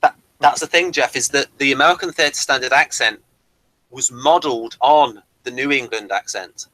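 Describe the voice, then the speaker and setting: A man co-hosting a podcast, explaining things in a measured, chatty way. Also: medium pitch, pushed and bright, dry recording, poor audio. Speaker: podcast co-host. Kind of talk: casual chat about accents.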